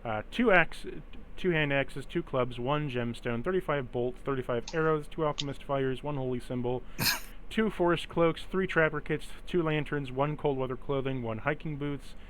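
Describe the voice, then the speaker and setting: Steady-voiced male game master. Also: mid-range voice, normal speed, a little hiss or hum, rough recording. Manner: reads out loot lists in an even, steady voice. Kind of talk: tabletop game narration.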